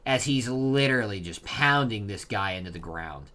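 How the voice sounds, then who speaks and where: A man's voice: on the low side, lively intonation, moderate pace, hardly any pauses, bright, forceful tone. A man reading a comic chapter aloud and reacting in a casual, chatty way, with fillers like "uh" and "like". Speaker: manga reaction vlogger.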